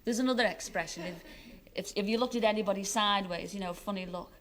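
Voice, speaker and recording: Chatting away as a celebrity chat show guest, this Scouse-accented Liverpool woman in her thirties laughs frequently and makes fun of herself. She's a fast talker with a medium-pitched voice.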